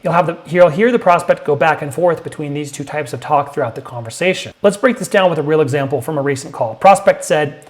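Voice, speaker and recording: A man teaching sales technique to camera, emphatic and punchy, now and then acting out prospects in a higher voice. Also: fast talker, few pauses. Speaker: sales coach. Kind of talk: direct-to-camera sales lesson.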